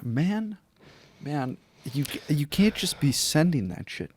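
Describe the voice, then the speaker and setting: A man's voice: a little high, big pitch swings, takes it slowly, darkish tone, slight background noise. A man co-hosting a casual comedic podcast, reacting with incredulous, swearing banter. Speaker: podcast co-host.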